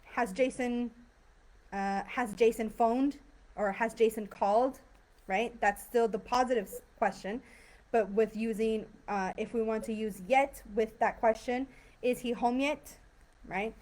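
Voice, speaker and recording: Woman teacher on a video call, kinda high voice, lots of um and right? while she explains grammar. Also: fairly even intonation, unhurried, a little mellow. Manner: explains patiently with many fillers and "right?" checks. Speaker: English teacher. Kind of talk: live online grammar class.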